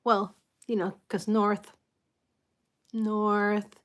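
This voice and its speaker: A woman hosting a casual live chat with her viewers, soft-spoken and apologetic, greeting people and laughing often. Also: medium pitch, little pitch movement, very slow. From United States. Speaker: livestream host.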